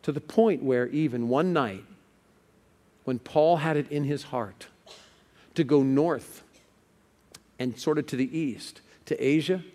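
A man's voice: mid-range voice, slow pace, long pauses, mellow, in a large hall. A male pastor preaching a sermon, telling stories with building urgency.

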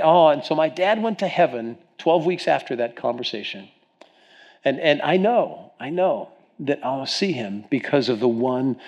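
Middle-aged pastor guy from ohio preaching, earnest, trips over his words and restarts a lot. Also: a little high. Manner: earnest storytelling with frequent restarts and stammers. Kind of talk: sermon.

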